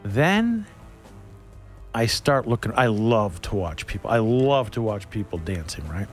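With a lowish voice and measured delivery, a man tells a meandering funny story on the radio while soft music plays. He keeps it casual, lively and jokey, laughing as he talks.

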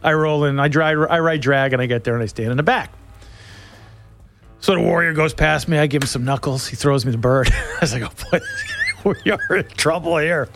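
A middle-aged man hosting a show, telling a comic story in an animated way and laughing through it. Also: mid-range voice, a little fast, soft background music.

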